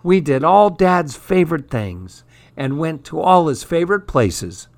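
A man's voice: a little high, expressive, unhurried, gravelly, dry recording, pitched above the performer's own voice. A man reading the lines of a cheerful young girl in a storybook. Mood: pleased.

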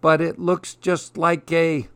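A man voicing a dreamy, curious little male mouse who speaks in a soft, wondering, eager way, raised above his own voice. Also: a little high, little pitch movement, slow, clean tone, no echo, voice pushed up.

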